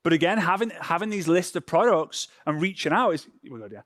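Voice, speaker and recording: A man's voice: fairly high pitch, expressive, brisk, a bit bright, dry recording, clean studio sound. A European man running a live online social media training session, talking casually and often checking in with "right?". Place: home.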